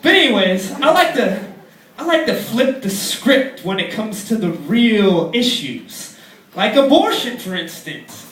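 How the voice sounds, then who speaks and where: A young man in his twenties doing a crude, rambling stand-up routine in a comedy club, often slipping into squeaky put-on voices. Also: very animated, unhurried, a little hiss or hum. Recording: echoey club with loud crowd, distant mic.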